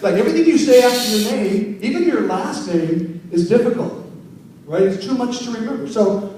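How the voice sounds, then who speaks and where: A man's voice: sits high, expressive, brisk, warm tone. A man who works as a wedding emcee, teaching a live workshop and playfully teasing his audience. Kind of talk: live seminar talk to an audience. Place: conference room. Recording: very echoey hall, mic far off.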